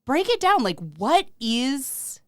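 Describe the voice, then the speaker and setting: Young female podcast host, frank and animated, lively high voice, dry close mic. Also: takes it slowly, no room sound. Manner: candid, expressive, swears casually. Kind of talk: casual podcast chat.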